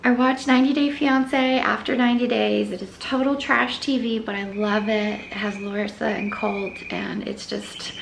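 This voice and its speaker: Woman, casual home vlog chat, gravelly texture, slightly high, rambles and coos at a pet. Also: fairly even intonation, moderate pace, hardly any pauses, a little hiss or hum. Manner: chatty, rambling, coos at her dog in a high voice. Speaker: vlogger. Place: home and backyard garden.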